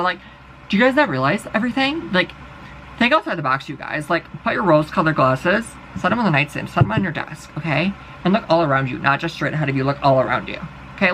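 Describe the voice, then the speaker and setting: A man's voice: on the high side, gravelly, pushed and bright, slight background noise, low-quality recording. A young man vlogging, delivering a rambling, profane and exasperated monologue. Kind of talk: casual ranting monologue.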